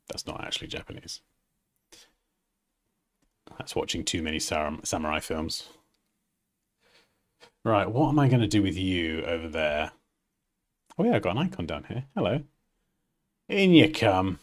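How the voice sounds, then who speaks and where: A man's voice: low voice, big pitch swings, moderate pace, pauses often. A man hosting a design livestream, chatting casually as he works and laughing often at himself.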